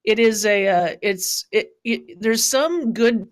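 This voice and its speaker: A man's voice: high voice, slow pace. A man hosting a podcast, chatting casually and laughing along with his guest. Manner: laid-back, agreeable, laughs along. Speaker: podcast host. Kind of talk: casual chat.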